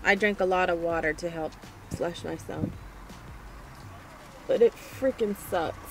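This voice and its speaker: A woman's voice: lowish voice, measured pace, faint music behind. A woman talking frankly in a casual video diary, complaining and chatting as a vlogger. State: out of breath.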